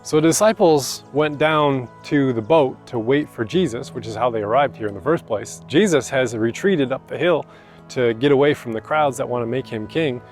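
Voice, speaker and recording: A man's voice: medium pitch, moderate pace, faint music behind. A man preaching a sermon as pastor, in a casual, conversational way with slangy asides. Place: church.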